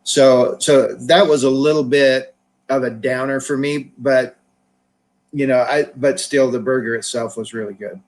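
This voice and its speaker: A man's voice: mid-range voice, fairly even intonation, measured pace, darkish tone, poor audio. A man in casual chat, easygoing and agreeable as he weighs in on the food.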